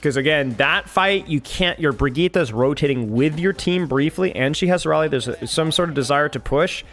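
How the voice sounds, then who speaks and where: A young adult man streaming from home at a desk mic, breaking down match plays in quick analytical commentary, then chatting with viewers in a relaxed way. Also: a little high, soft background music. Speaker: streamer and coach. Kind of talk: casual match analysis and chat. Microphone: desk microphone.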